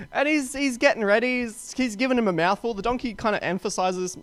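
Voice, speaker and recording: A young man, a pastor, retelling a Bible story in a casual, chatty way and slipping into quick voices for the characters. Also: high voice, animated, a bit bright, no room sound.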